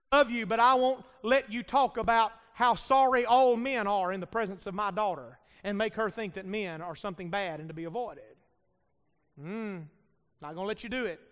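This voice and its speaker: High-voiced, fiery preaching man. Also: fairly bright tone. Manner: emphatic, calls for amens from the congregation. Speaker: pastor. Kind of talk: fiery sermon. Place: church sanctuary. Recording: long hall reverb.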